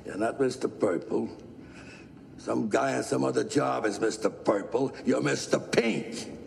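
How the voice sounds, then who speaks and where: An actor playing an older gruff crime boss who hands out orders bluntly, in a film clip. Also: male voice, mid-range voice, measured pace, a little hiss or hum. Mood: commanding. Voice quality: gravelly. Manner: domineering, blunt. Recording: film clip with roomy reverb.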